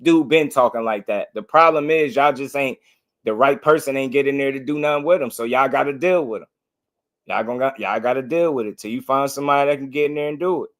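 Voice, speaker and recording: A man's voice: medium pitch, quick pace. A man hosting a boxing livestream, delivering a heated, impassioned rant to his viewers and hammering the same points again and again. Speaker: boxing channel host.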